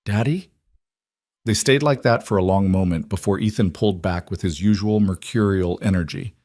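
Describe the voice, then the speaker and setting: A man with a low voice narrates a romance story in an even, measured way. The recording is dry and close, with no room sound. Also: no echo.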